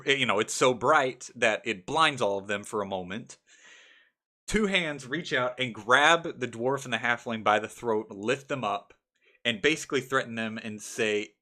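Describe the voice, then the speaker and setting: Bright-voiced young man telling game stories. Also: medium pitch, normal speed. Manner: animated, laughs often, acts out characters. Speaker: game master telling a story. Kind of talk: casual storytelling vlog.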